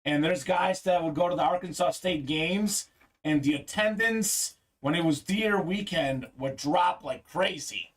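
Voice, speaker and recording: A man's voice: on the high side, unhurried. Chatty young man hosting a live break. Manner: chatty, reads viewer comments aloud, laughs easily. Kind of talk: casual live-stream chat.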